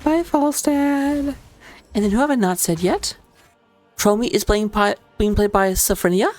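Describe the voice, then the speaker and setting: A woman casting a live video game match as commentator, playful and jokey, her voice jumping up with sudden excitement. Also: medium pitch, normal speed, no echo, soft background music. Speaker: esports caster.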